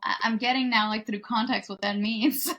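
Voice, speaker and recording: A young woman chats as a podcast guest, her voice pitched a little on the high side. She talks loosely and fills her sentences with "like" as she thinks out loud. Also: fairly even intonation, normal speed. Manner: chatty, leans on "like" fillers. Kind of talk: casual chat.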